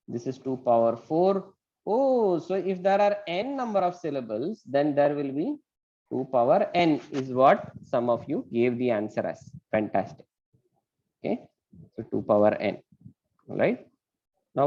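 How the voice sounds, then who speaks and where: This online math instructor, who has an Indian English accent, explains things patiently and keeps checking understanding with "right?". His voice is on the high side and slightly mellow, and the video-call audio is dull and lo-fi.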